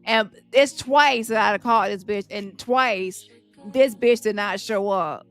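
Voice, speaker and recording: A woman's voice: medium pitch, slow, a bit bright, soft background music. A woman hosting a livestream, taunting a rival and turning to her viewers in heated reaction commentary. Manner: taunting, confrontational, addresses viewers directly. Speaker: livestream host.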